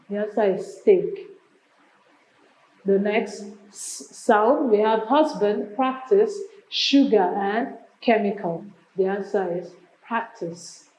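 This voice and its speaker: A woman's voice: mid-range voice, a little mellow. A woman teacher with a Nigerian English accent, taking students through exam questions step by step and reading each option aloud. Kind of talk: exam revision lesson. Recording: echoey room.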